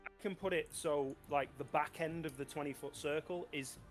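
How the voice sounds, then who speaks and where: A man's voice: fairly high pitch, steady tone, normal speed, soft background music. A man playing a tabletop game, thinking aloud as he reads rules and works out dice. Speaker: player. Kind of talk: casual tabletop game talk.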